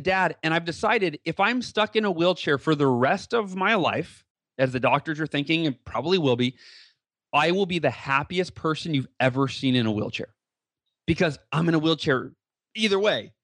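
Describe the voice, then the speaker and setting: A man's voice: a little high, a bit bright, no echo. A man in his thirties, a podcast guest, telling a personal story animatedly, acting out dialogue with many fillers and restarts.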